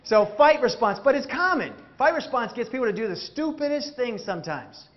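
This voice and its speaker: A man giving an interactive motivational keynote on stage, animated and jokey, asking the audience questions. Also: very high voice, brisk, dull audio. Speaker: keynote speaker. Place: stage before a live audience.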